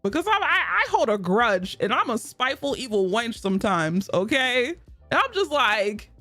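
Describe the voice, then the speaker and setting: Young woman streamer, animated and laughing, salty casual chat, soft music underneath. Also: a little high, moderate pace, no room sound. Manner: blunt, profane, laughs often.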